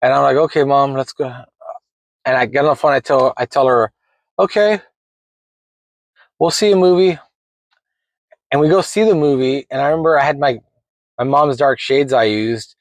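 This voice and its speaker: A man in his forties casually telling a rambling personal story, animated and laughing as he goes. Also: mid-range voice, moderate pace, long pauses, no echo, rough recording.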